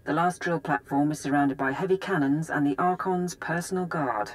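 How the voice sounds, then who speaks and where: A woman voicing a brisk, low-voiced female officer. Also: close to an everyday voice. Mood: briefing. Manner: crisp, businesslike briefing.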